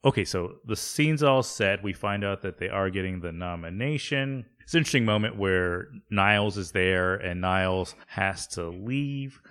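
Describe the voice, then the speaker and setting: A man's voice: low-pitched, lively intonation, moderate pace, hardly any pauses, fairly bright tone. A man co-hosting a casual comedy podcast, recapping a sitcom episode, laughing often and jumping into silly voices.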